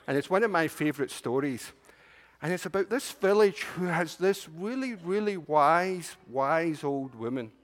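A man telling a story to a church congregation in an animated storytelling manner. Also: a little high. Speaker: children's storyteller at a church service. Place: church sanctuary. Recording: long reverb of a large room.

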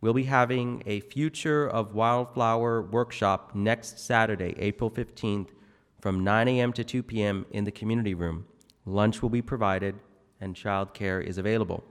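A man with a fairly low voice reads the community notices at a service, clear and measured. A long hall reverb follows each sentence. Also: steady tone. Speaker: service announcer. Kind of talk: reading announcements. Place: church hall.

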